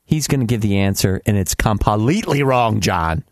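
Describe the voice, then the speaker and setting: Halting man hosting a comedy show. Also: lowish voice, expressive, dry recording. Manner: hesitant, halting, lots of restarts. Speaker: talk show host. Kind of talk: casual comedy banter.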